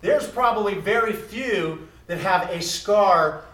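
A man preaching a sermon as pastor, moving between quiet musing and loud, emphatic declarations. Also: high voice, slow pace. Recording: echoey room heard from a distance.

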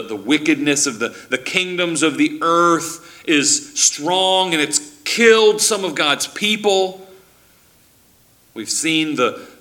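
Guy giving a sermon, bright forward voice, chatty teaching style, trips over his words and restarts a lot. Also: medium pitch. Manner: conversational teaching with frequent restarts and acted-out quotes. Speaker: preacher.

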